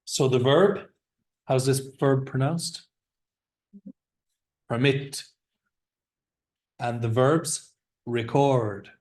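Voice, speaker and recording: A man leads an English vocabulary class at an unhurried pace, taking his time over each word. He encourages the students and has them repeat words after him, speaking at a middling pitch. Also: a little mellow. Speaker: English teacher.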